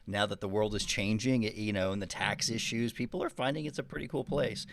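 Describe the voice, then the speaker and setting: A man from Texas with a light Texan accent, co-hosting a casual podcast with relaxed, rambling storytelling. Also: lowish voice, brisk, no echo. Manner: easygoing, storytelling, rambling asides. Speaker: podcast co-host.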